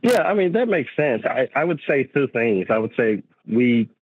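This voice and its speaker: A man calling in to a talk show, speaking in a hesitant, measured way. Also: medium pitch, very animated, slight background noise. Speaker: caller. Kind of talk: casual discussion on a call. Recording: tinny phone line.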